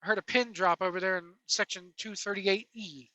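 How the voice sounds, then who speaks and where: A woman's voice: medium pitch, fairly even intonation, a little fast, bright, forceful tone, dry recording. A woman giving ranting commentary in a sarcastic, indignant, rambling way. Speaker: wrestling commentary vlogger. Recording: dull, dry lo-fi sound.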